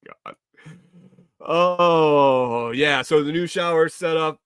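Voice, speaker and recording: Bright, clear-voiced man chatting loosely. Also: fairly high pitch, extremely slow, long pauses, no echo, clean studio sound. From Minnesota. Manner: laughs often, loose rambling delivery. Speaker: livestream host. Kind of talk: casual chat reading viewer comments.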